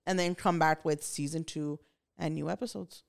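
A young woman co-hosting a casual podcast, swearing freely and laughing through her banter. Her voice sits a little low for a woman. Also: fairly even intonation, moderate pace, creaky. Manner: profane, laughing, loose banter. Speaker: podcast co-host.

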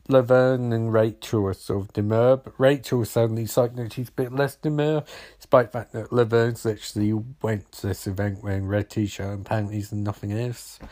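A man's voice: mid-range voice, darkish tone. A man casually recapping a film in a rambling, wry and sarcastic way, swearing now and then. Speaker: film reviewer.

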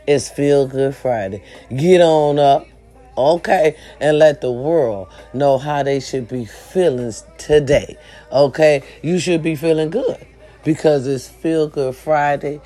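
A woman's voice: very deep voice, dark tone. A woman talking casually and earnestly to her viewers, preaching and often checking that they understand her. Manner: chatty and preachy, often asks "you understand me?". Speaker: vlogger. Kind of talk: casual motivational talk to camera.

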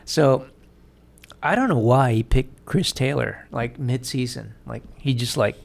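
A man's voice: medium pitch, a little slow, gravelly. A man co-hosting a podcast in loose, profane, chatty sports talk. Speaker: podcast co-host. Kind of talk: casual sports chat.

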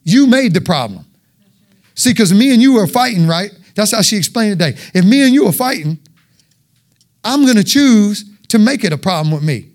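A man's voice: sits high, very animated, normal speed. A man preaching an informal, joking sermon with call-and-response.

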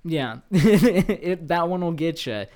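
A man's voice: on the high side, lively intonation, takes it slowly, a little mellow. Laughing, teasing podcast co-host man. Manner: laughs often, teasing, explains the topic. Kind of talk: casual podcast chat.

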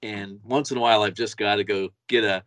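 A man's voice: lowish voice, fairly even intonation, fairly quick, fairly bright tone, no room sound. A man co-hosting a podcast, chatting casually and enthusiastically, often repeating words as he goes. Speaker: podcast co-host. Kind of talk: casual chat.

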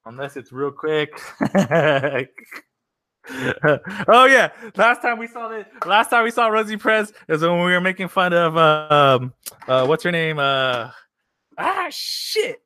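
A man's voice: a little high, a little slow, pushed and bright, no room sound. A young man hosting a livestream, rambling and joking with lots of swearing. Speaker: livestream host. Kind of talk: casual livestream chat.

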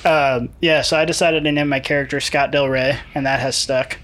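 A man's voice: medium pitch, steady tone, moderate pace, fairly bright tone. A young man chatting casually with friends on a podcast, telling stories with self-mocking laughs. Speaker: podcast co-host. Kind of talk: casual chat among friends.

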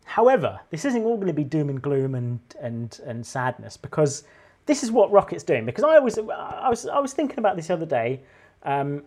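Rambling, excitable man pitching ideas. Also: husky. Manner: rambling, enthusiastic, full of fillers and restarts. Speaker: podcast co-host. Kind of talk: casual chat pitching a game idea.

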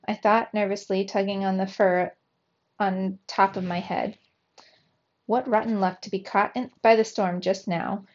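A woman's voice: medium pitch, moderate pace. A woman teacher reading a children's adventure story aloud, livening up the dialogue with extra energy. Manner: lively, voices the dialogue with raised energy. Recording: slightly dull, lo-fi sound.

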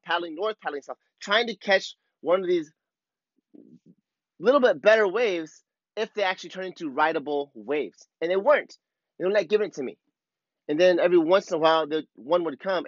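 Rambling, profane surf coach, muffled sound. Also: male voice, fairly high pitch, dry recording. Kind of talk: casual monologue. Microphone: clip-on wireless mic.

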